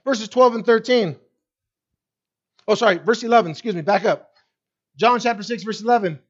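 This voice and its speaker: A man preaching a sermon as a church pastor, acting out worried and hopeful quotes with lively swings. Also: sits high, normal speed, dull audio. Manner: animated preaching with acted-out quotes.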